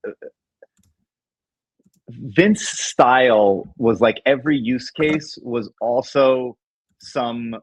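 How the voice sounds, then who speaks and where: A man in casual podcast chat, speaking at a middle pitch into a dry, close mic. He rambles and hedges, circling his points with enthusiasm. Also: drawn-out words, long pauses, dry recording, poor audio. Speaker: podcast co-host.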